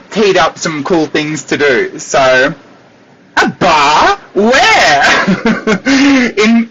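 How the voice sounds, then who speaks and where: A chatty Australian man hosts a livestream, his husky voice bright and fairly high as he laughs his way through stories. His speech swoops up and down with a lot of expression. The sound is dull and lo-fi, like a basic webcam stream. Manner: animated, chatty, laughs often. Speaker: psychic medium and livestream host. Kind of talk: casual livestream chat to viewers. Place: at a desk at home.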